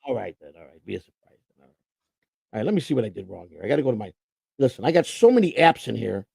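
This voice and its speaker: Brief: male co-host, rambling and boastful, gravelly voice with a dry sound. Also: medium pitch, sing-song, fast talker, darkish tone, no echo. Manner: rambling, boastful, repeats words. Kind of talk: casual livestream chat.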